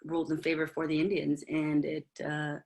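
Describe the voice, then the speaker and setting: A woman giving an informal, earnest talk on a video call, halting often with fillers and restarts. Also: sits low, monotone, gravelly, a little mellow. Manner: heartfelt, earnest. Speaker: presenter at a virtual working group meeting. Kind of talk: informal spoken presentation.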